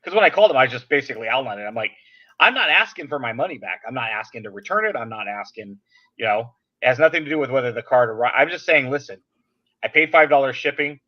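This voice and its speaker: A man hosting a casual podcast chat, telling an animated, venting story in an everyday voice. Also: medium pitch, fast talker, muffled recording. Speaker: podcast host.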